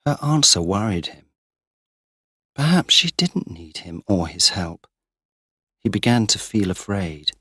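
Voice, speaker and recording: A man reading a simple story aloud for English learners, slow and deliberate. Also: deep voice, sharp tone, no room sound, clean studio sound. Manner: slow, deliberate, clearly paced. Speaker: audiobook narrator. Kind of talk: scripted narration for English learners.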